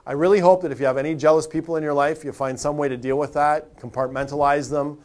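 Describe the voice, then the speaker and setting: A man's voice: a little high, fairly even intonation, fast, a little mellow. A man telling a personal story as a motivational tip, conversational with frequent restarts. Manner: conversational, anecdotal with many restarts. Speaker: motivational speaker.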